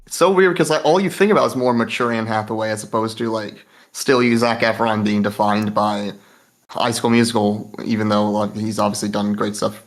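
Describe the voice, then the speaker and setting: A man's voice: fairly low pitch, steady tone, brisk. A man chatting casually as a guest co-host, loose and joking, with many fillers and repeats. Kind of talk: casual chat.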